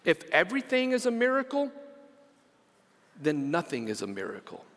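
A man preaching a sermon as pastor, animated and repeating words as he calls on the congregation to respond. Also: sits high, normal speed. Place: church sanctuary. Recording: long church hall reverb.

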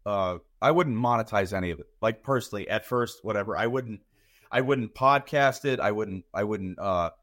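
A man in his thirties with a mid-range, fairly bright voice is a podcast guest in a casual chat. He rambles and often repeats words while thinking.

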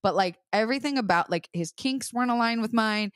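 A woman's voice: on the high side, a little fast, no room sound, clean studio sound. A young woman co-hosting a podcast, talking frankly and exclaiming often. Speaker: podcast co-host. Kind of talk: casual chat.

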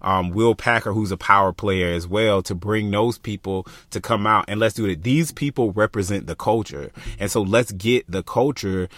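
Passionate young man, low dry voice. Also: normal speed, hardly any pauses, no room sound. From Florida, US. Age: young adult. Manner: passionate, animated, talks through ideas with many fillers. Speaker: podcast co-host. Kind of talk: casual chat.

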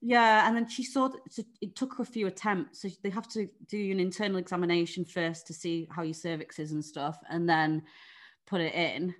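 A woman's voice: lowish voice, steady tone, a little fast. A young English woman telling a personal story in a frank, chatty way, with lots of "like" and "you know" and some swearing. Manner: candid, frank, chatty, with swearing and many fillers. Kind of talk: casual conversation.

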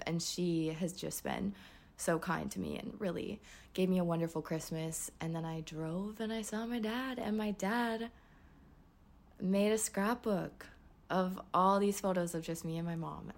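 A woman in her twenties hosts a podcast, chatting candidly about what's been going on in her personal life and laughing a lot. Her voice is on the low side with some vocal fry.

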